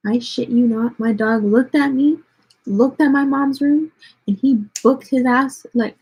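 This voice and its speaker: A young woman from Texas livestreams to her viewers, blunt and sarcastic, scattering "like" through every sentence. Her voice sits a little high, husky and breathy, with a gravelly fry at the ends of phrases. She has a faint Texan accent. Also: slow pace, pauses often, darkish tone, poor audio. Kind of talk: casual livestream chat.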